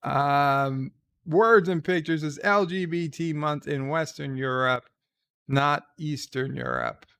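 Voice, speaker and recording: A gravelly-voiced man with a fairly high voice hosts a casual livestream. He talks at an unhurried, slow pace, reading viewer comments aloud and wandering off into wry, rambling asides. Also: big pitch swings, a bit bright. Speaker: livestream host.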